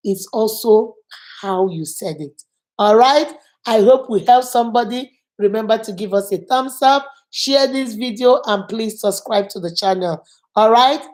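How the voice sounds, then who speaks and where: A woman's voice: fairly high pitch, a little slow, darkish tone. Earnest middle-aged woman hosting. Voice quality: earnest, emphatic, repeats for stress. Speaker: channel host. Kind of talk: casual advice talk.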